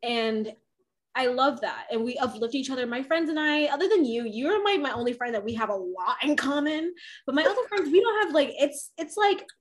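A woman co-hosts a podcast in loose, affectionate chat. Her voice is high and swoops through a wide range, and she breaks into laughter often. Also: expressive, a little fast, slight background noise. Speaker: podcast co-host. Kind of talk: casual chat.

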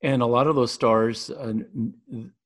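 A man's voice: medium pitch, takes it slowly. A man interviewing a guest and asking long questions with many fillers. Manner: hesitant, with fillers.

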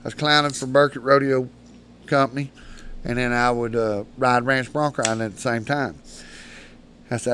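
A man's voice: medium pitch, fairly even intonation, normal speed, long pauses, fairly bright tone, a little hiss or hum. A man, a podcast guest, telling long, profane stories in a rambling, casual way. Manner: rambling, profane, laughs through his tales. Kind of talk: casual storytelling.

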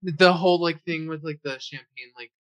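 A man's voice: fairly high pitch, normal speed, fairly bright tone, muffled recording. A man co-hosting a podcast in a casual chat, talking loosely with many "like"s and restarts. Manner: filler-heavy, says "like" a lot. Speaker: podcast co-host.

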